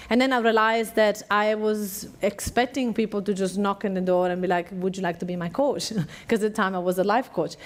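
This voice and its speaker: A woman with an Italian accent, a native Italian speaker, chattily telling her business story to an audience and laughing often. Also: a little high. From Italy. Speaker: business coach and podcast host.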